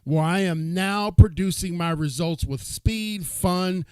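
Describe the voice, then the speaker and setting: A man's voice: sits high, takes it slowly, dark tone, smooth, no room sound. A man hosting an online summit. He introduces the guest and leads the audience in a call-and-response, in a deferential, upbeat way. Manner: deferential, upbeat, says yes sir. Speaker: summit host.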